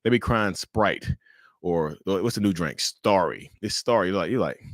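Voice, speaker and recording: Low-voiced joking man on a livestream. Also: normal speed, dry recording, studio quality. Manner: animated, joking, repeats himself, stumbles and restarts; addresses viewers as y'all, answers chat questions. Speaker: livestream host. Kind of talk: casual livestream commentary.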